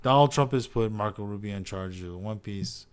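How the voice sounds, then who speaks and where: A man with a fairly low voice hosts a casual commentary podcast. He reads out online posts and rants at them, swearing freely and sounding exasperated. His delivery drifts between muttered asides and loud outbursts. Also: normal speed, clear, resonant tone. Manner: profane, exasperated ranting. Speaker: podcast host.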